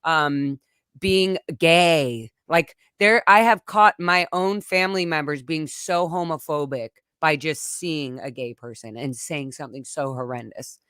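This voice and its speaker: A woman's voice: sits low, measured pace, a bit bright, smooth, dry recording. Impassioned woman guest, dry close sound. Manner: impassioned, emphatic, gets emotional. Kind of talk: candid conversational interview.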